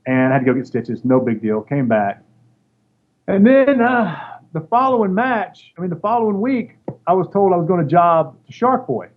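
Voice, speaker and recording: An animated former wrestler tells a casual story as an interview guest, speaking at normal speed in a high-pitched voice. He performs the voices of the people he quotes. Faint noise accompanies the dull, lo-fi sound.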